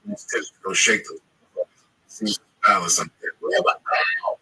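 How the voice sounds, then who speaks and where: A man in loud, rambling, profane casual chat. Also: lowish voice, normal speed, breathy edge, rough recording.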